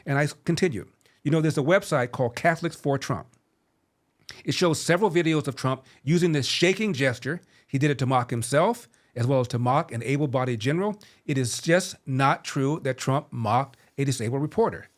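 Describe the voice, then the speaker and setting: A man in his seventies hosting a podcast, telling a story and giving political commentary in a sardonic, measured way. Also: mid-range voice. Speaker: podcast host.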